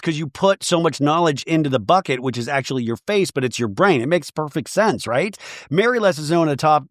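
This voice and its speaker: A man's voice: a little high, dry recording, studio quality. A man hosting a podcast, recapping a reality show in a wry, mocking comic tone. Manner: wry, mocking, lively delivery. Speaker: podcast host.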